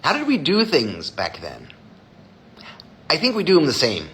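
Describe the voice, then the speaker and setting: A man's voice: on the high side, huge pitch swings, moderate pace, fairly bright tone, slight background noise. A man hosting a live stream as a designer, chatting casually with viewers in a blunt, profane way.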